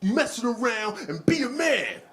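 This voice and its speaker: A man's voice: very high voice, big pitch swings, a little slow, a bit bright, voice pushed up, heavily acted. A man voicing a male TV district attorney who presses a witness in a stern, demanding way. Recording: comedy club with a laughing crowd.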